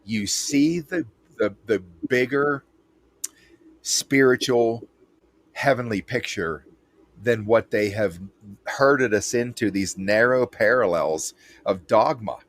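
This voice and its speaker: A man's voice: mid-range voice, slow pace, long pauses, no room sound. A man hosting an interview, talking bluntly and emphatically with frequent restarts. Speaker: interview host. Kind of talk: casual interview chat.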